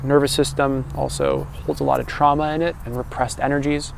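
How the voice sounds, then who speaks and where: A young man, a personal growth coach, talking in a calm and loose way, often ending thoughts with "right?" and restarting sentences. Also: mid-range voice, a little fast, gravelly, slight background noise. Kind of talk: casual reflective monologue.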